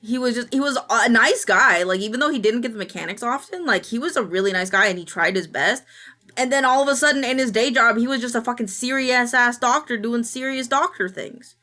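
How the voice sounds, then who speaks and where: Bright-voiced woman streamer, chatty. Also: fairly high pitch, a little fast. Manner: rambling, chatty storytelling with casual swearing. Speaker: Twitch streamer. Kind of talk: casual stream chat.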